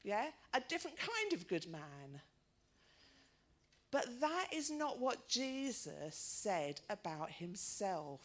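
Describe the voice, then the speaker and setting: A woman's voice: on the high side, fairly bright tone. A middle-aged woman preaching a sermon, telling stories in a chatty way and putting questions to her listeners.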